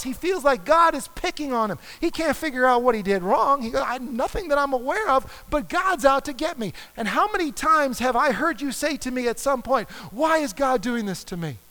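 High bright-voiced preacher in reverb. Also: male voice. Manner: reads scripture aloud with dramatic emphasis. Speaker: pastor. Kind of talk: sermon. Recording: long hall reverb.

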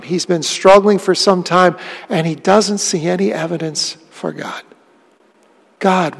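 Male pastor, sermon, high-pitched voice, gravelly fry, earnest and conversational, long church reverb. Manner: earnest, conversational, asks the congregation questions.

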